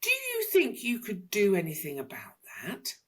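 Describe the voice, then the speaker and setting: A woman voicing a cheerful, kind little male storybook character, with a bright, lilting delivery. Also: medium pitch, wildly swooping pitch, normal speed, pitched above the performer's own voice. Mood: eager.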